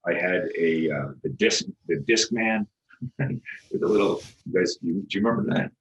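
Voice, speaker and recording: Middle-aged man, low register, animated guest storyteller acting out dialogue. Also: normal speed, low-quality recording. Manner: animated, acts out quoted dialogue, frequent restarts, swears. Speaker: guest, self-defense instructor.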